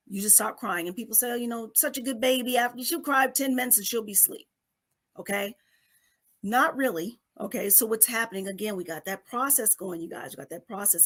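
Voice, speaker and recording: A woman's voice: medium pitch, fairly bright tone. Middle-aged woman explaining like a teacher. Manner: teacherly, checks in with repeated "okay?"; briefly acts out babies and parents. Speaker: guest coach. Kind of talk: explanatory interview talk.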